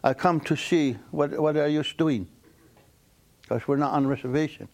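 A man's voice: on the high side, moderate pace, creaky, a little mellow. A man quoting a bossy woman official. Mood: officious. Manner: insistent, officious. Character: bossy woman government official, self-important.

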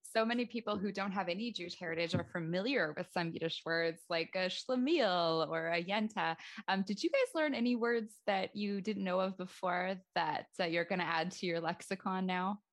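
A woman's voice: on the low side, moderate pace, few pauses. A woman hosting a radio arts interview from home, chatty and casual with fillers. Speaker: radio host.

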